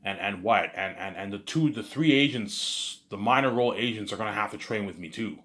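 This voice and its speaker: A man's voice: lowish voice, fairly quick, a bit bright. A man talking in a rambling monologue, full of repeated words and filler phrases. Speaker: vlogger.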